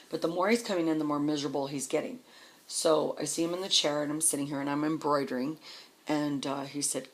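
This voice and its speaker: A woman's voice: low-pitched, flat delivery, normal speed, slight background noise. A middle-aged woman telling her own life story candidly, blunt and swearing often, sometimes repeating words as she gets emotional.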